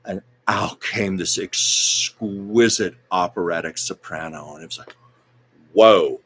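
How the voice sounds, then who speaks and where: A man's voice: sits low, a little slow, a bit bright, husky. A man hosting a casual livestream, telling stories in a chatty, rambling way and reading viewer comments aloud. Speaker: host of a livestream show.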